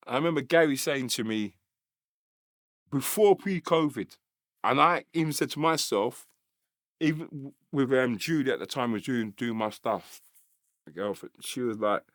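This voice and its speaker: A man with a London accent, a guest on a podcast, speaking emotionally and haltingly, often restarting his sentences. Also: medium pitch, fairly bright tone, dry recording, studio quality. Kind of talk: casual chat.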